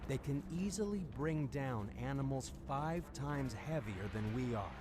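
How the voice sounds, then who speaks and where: A man's voice: medium pitch, expressive, unhurried, background noise. Dramatic male documentary narrator. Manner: dramatic, ominous delivery. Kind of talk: scripted narration.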